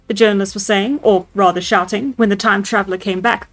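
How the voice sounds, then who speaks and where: A woman's voice: medium pitch, fairly even intonation, a little fast, hardly any pauses. Woman reading a classic novel aloud. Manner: laughs at her own voice choices in asides. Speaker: storyteller streamer. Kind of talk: live read-aloud of a novel. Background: soft background music.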